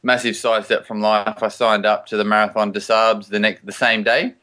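Australian man guest, breezy and relaxed, crisp bright tone, on a web call. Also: lowish voice, brisk. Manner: easygoing, laid-back, says mate. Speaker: guest, adventure athlete. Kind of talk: casual chat. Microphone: Skype call.

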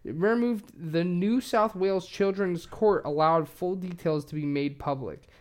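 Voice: medium pitch, darkish tone. A casual podcast host talking through a true-crime case, swearing constantly and rambling with lots of fillers. He admits to being a little tipsy, and the delivery stays loose and informal.

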